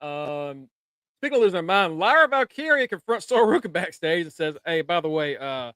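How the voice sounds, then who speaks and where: A man with a high, very lively voice recaps wrestling in a loose, profane podcast chat. He laughs often and slips into quick impressions of the people he quotes. The sound is dry and close. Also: clear, resonant tone, no echo. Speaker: podcast co-host.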